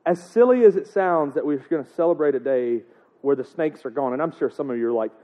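Fast and on the high side, a man's voice carries a relaxed, joking sermon in which he regularly quizzes the congregation with rhetorical questions. The sound quality is tinny, like a phone.

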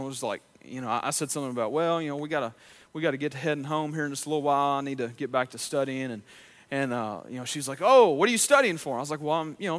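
A man's voice: fairly high pitch, a bit bright. A man pastor preaching a sermon in a conversational way, with frequent restarts and fillers.

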